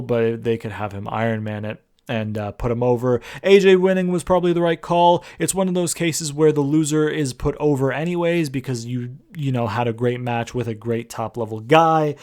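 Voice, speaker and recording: A man's voice: mid-range voice, normal speed, few pauses, darkish tone. A young man in his twenties casually recapping and reviewing a wrestling show, rambling loosely with lots of fillers and the odd swear.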